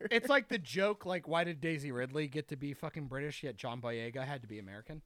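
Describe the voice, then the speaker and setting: A man's voice: a little high, lively intonation, fast talker, a bit bright, no room sound. A man hosting a casual podcast chat, opinionated and profane, talking with lots of energy.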